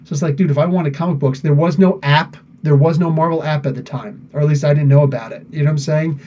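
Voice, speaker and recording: A man's voice: fairly high pitch, fairly even intonation, quick pace, dark tone, muffled recording, a little hiss or hum. A man hosting a live podcast, rambling casually through viewer comments with lots of fillers and laughs. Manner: rambling, chatty, laughs often, many fillers. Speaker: podcast host.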